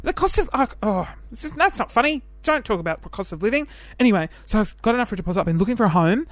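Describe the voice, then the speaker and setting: A man's voice: high voice, big pitch swings, rapid-fire, no room sound. A man in his twenties with an Australian accent, hosting a casual solo podcast, chatty and self-deprecating as he jumps from one topic to the next. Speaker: podcast host.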